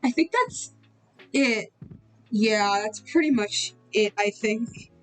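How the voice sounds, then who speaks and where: A woman's voice: fairly high pitch, lively intonation, takes it slowly, soft background music. A young woman chatting casually while she draws, rambling, giggling and using slang. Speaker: artist streaming while drawing. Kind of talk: casual chat while drawing.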